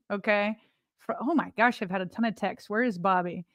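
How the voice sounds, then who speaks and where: A young woman co-hosting a podcast in casual chat, animated and teasing, laughing a lot. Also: mid-range voice, brisk, dry recording, studio quality. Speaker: podcast co-host.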